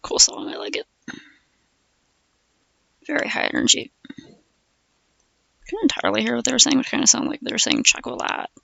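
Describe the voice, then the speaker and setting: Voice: medium pitch, huge pitch swings, a little fast, creaky, long pauses, a bit bright, no echo, lo-fi sound. A streamer chatting casually with viewers while crafting, swearing freely and often dropping into murmurs and whispers.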